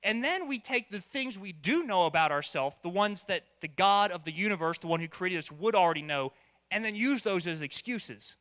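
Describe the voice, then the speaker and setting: A man's voice: sits high, animated, normal speed, fairly bright tone, in a large hall. A man preaching a sermon as pastor, conversational and playful, now and then acting out voices. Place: church hall.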